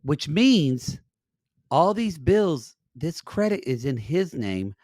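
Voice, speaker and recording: A man's voice: on the high side, sing-song, takes it slowly, darkish tone, dry recording, studio quality. A man co-hosting a podcast, giving sassy, wry commentary on reality TV in casual chat. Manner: sassy, wry commentary, addresses listeners as y'all. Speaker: podcast co-host.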